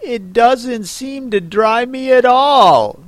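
A man's voice: high-pitched, lively intonation, takes it slowly, gravelly, no echo, voice pushed up, exaggerated voice. A man voicing a young girl in a storybook reading, in a melancholy tone. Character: young girl, wet and gloomy.

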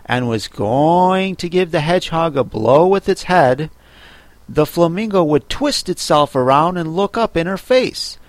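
A man narrating a children's classic in an expressive, unhurried storybook reading. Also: fairly high pitch, dry recording. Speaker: audiobook narrator.

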